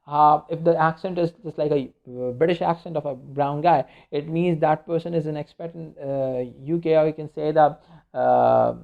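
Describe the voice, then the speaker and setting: A man's voice: a little high, steady tone, moderate pace, gravelly. A man teaching a media studies lecture in a loose, rambling way, full of fillers and restarts. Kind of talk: informal recorded lecture. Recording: dull lo-fi recording.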